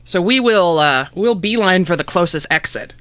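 Female player, low-ish bright voice, hesitant casual chat. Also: animated, normal speed. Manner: hesitant, restarts. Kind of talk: casual tabletop play.

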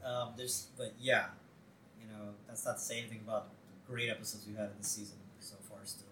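A man's voice: fairly low pitch, quick pace, a little hiss or hum. A man co-hosting a podcast, chatting casually and laughing as he recaps a cartoon episode. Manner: animated, laughing, quotes lines in put-on voices. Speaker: podcast co-host. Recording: echoey room, a bit off-mic.

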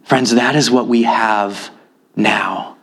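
A man preaching a sermon, slow and earnest, his voice rising in pitch when he stresses a point. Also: steady tone, fairly bright tone, husky. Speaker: pastor.

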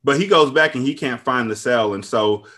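A man's voice: mid-range voice, sharp tone. Male podcast host, mid-range voice, loose, profane storyteller recapping episodes. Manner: profane, laid-back storytelling with quick asides.

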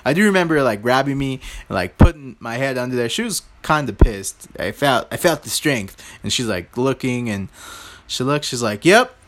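A man in his own casual podcast, rambling through stories with plenty of fillers and side remarks. His voice sits at an ordinary, middle pitch. He talks straight to his listeners in an easygoing, unpolished way. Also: animated, moderate pace, noisy background. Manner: rambling, loose and informal, with many fillers and asides to listeners. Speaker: podcast host.

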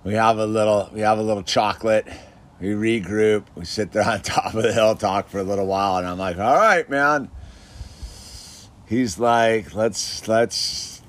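A man's voice: fairly low pitch, little pitch movement, brisk. A man casually telling an anecdote, chatty, laughing often and full of filler words. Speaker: storyteller.

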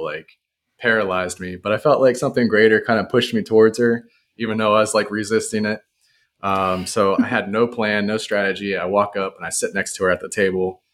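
A man's voice: low voice, a bit bright. A young adult man casually telling a story in a laid-back way with dry humor.

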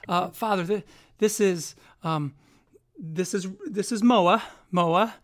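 A man's voice: sits high, slow, voice pushed up. A man voicing a young woman in a tabletop game, stammering and flustered.

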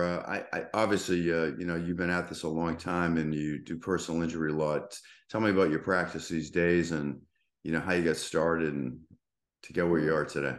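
A man with a softened Boston accent hosts a relaxed interview and rambles along with plenty of fillers. His voice sits very low. The room around him is noticeably echoey. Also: brisk. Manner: chatty, filler-heavy, rambling. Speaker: podcast host. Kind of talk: casual interview.

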